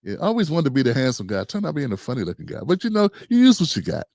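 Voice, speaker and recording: A man's voice: medium pitch, wildly swooping pitch, very fast, creaky, a little mellow, no room sound, studio quality. An older man hosting a livestream, casual and joking, rambling and talking to himself. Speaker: host.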